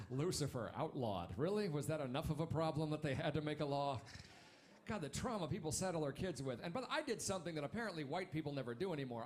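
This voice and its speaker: A man in his thirties doing a stand-up comedy set on a club stage, wry and punchy, with quick asides to the crowd. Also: on the high side, a little hiss or hum.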